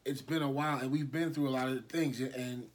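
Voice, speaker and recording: A man in his thirties hosting a casual podcast, talking in a relaxed, halting and slangy way. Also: mid-range voice, slight background noise. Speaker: podcast host. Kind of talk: casual chat. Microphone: no proper microphone set up.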